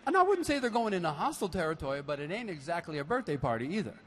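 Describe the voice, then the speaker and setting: Racing along in a fairly high voice, a percussionist tells animated stories with playful asides to a concert audience between songs, speaking through a stage mic. The setting is a large basketball arena used as a concert hall, and the recording has long reverb and faint noise.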